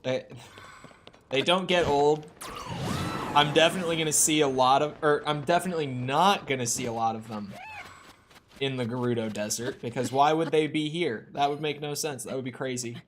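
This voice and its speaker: A man's voice: mid-range voice, moderate pace, fairly bright tone, slight background noise. A young man streaming a video game, talking to himself in a casual, rambling way with frequent restarts. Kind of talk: casual gameplay commentary.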